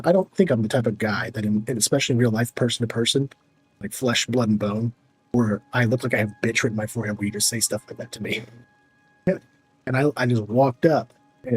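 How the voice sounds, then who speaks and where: A man's voice: mid-range voice, a little mellow, husky, poor audio. A young man, chatting casually and telling rambling stories while streaming a game. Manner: rambling storyteller, fillers and restarts, laughing. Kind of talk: casual livestream chat over gameplay.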